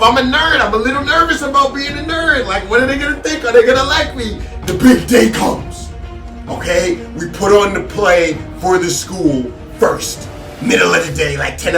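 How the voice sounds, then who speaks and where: A young man telling a story to his vlog audience in an animated, self-hyping way. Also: high-pitched. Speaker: vlogger. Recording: roomy echo, distant mic.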